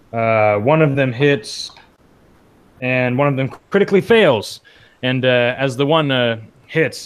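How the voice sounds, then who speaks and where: A man narrating as game master, relaxed and full of small pauses. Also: mid-range voice. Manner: relaxed, full of fillers and restarts.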